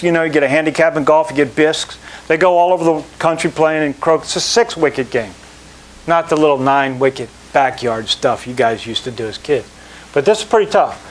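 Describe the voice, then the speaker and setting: Middle-aged man, club manager type, animated storyteller, slightly high voice. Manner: animated storyteller, acts out quoted people. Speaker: country club general manager. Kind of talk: anecdotal talk to an audience.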